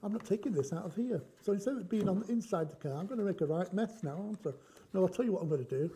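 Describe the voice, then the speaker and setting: A middle-aged man hosts a chatty craft tutorial, joking, rambling and thinking aloud while he works. His voice is high-pitched, animated and warm, and he races along.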